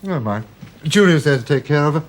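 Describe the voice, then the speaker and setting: An actor playing a tired, polite government official exasperated by a family quarrel. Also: male voice, on the high side, animated, fast, background noise, lightly acted. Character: weary, upright naval civil servant.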